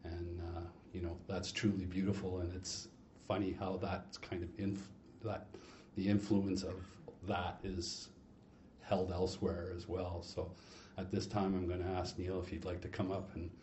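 Deep flat-voiced man, echoey hall. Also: a little hiss or hum. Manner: earnest, reflective, halting. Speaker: speaker introducing the next share. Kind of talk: heartfelt talk at a recovery convention. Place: convention hall.

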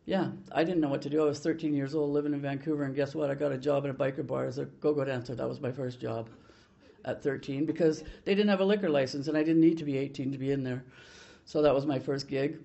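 Older woman, frank and salty, telling her recovery story; gravelly, dull lo-fi tape. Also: rumbling low, fairly even intonation, fast, dark tone. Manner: blunt, salty storytelling with many restarts. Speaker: recovery meeting speaker. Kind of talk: personal recovery story told to a meeting.

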